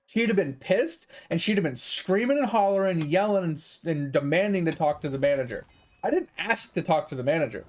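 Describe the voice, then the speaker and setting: A man's voice: a little high, lively intonation, brisk. A man streaming games, ranting in casual chat, exasperated and swearing freely. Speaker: gaming streamer.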